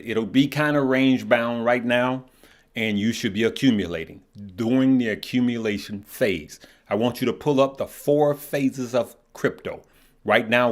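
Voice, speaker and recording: A middle-aged man hosting a live stock market show, talking loosely with viewers, often repeating words and checking in with "right?" and "okay?". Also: fairly low pitch. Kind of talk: casual live-stream chat reading viewer comments.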